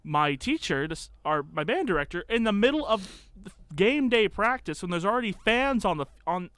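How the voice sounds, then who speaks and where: A young man telling a story as a podcast guest in a casual, animated way, acting out the quotes. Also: normal speed, clear, resonant tone, no room sound, clean studio sound. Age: young adult. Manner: animated, acts out quotes with big pitch jumps.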